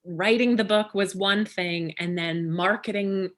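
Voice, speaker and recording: As a guest in a casual conversation, a woman author speaks unhurriedly in a mid-range, somewhat bright voice with fairly even intonation. She rambles, loops back to restart, and sprinkles in plenty of "you know" and "like."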